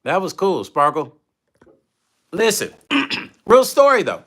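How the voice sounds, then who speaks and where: A man's voice: sits high, sing-song, takes it slowly, fairly bright tone. A man hosting a candid livestream, telling blunt stories and reading viewer comments aloud. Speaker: livestream host and musician.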